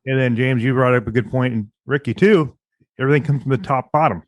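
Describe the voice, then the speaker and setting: A man's voice: mid-range voice, quick pace, no room sound. Affirming male podcast co-host, dry sound. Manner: affirming, sums up the talk. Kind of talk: casual interview.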